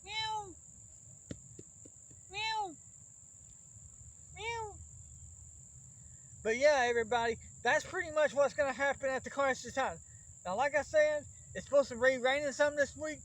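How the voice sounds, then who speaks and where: A man's voice: extremely high pitch, fairly quick, fairly bright tone, rough recording. A man with an Alabama accent hosting a backyard wrestling vlog, rambling and fretting with many restarts. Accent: Southern US, Alabama. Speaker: backyard wrestling show host. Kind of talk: casual rambling vlog talk.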